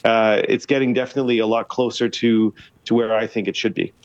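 A man's voice: on the low side, steady tone, brisk, dry recording. Man, politician guest, emphatic, dull dry sound. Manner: emphatic, argumentative, repeats for stress. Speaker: city councillor, guest. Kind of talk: radio interview by phone.

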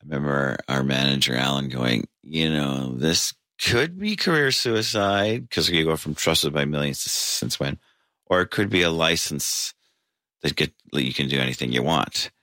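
Deep, bright-edged male musician, rambling storyteller, dry close sound. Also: normal speed, no room sound. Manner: rambling, frequent restarts and fillers, laughs. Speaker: band member interviewed. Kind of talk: casual interview storytelling. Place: basement of a tavern.

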